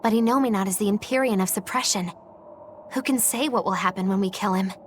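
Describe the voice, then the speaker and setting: A woman's voice: mid-range voice, fast talker, a little hiss or hum, lightly acted. An actress voicing a mischievous young woman mage in a video game, speaking in a playful, teasing, theatrical way. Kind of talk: game voice acting.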